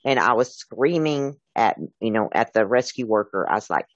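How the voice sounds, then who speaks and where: A former emergency dispatcher, a man with a medium-pitched voice, earnestly recounts calls in an interview, quoting the callers' words. He speaks animatedly and a little fast, with hardly any pauses, over dull audio with no echo.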